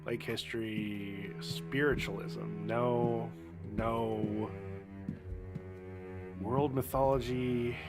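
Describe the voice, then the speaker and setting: A man's voice: mid-range voice, level tone, drawn-out words, loud music behind the voice. A man streaming a video game, making irreverent jokes and swearing freely in casual commentary. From United States.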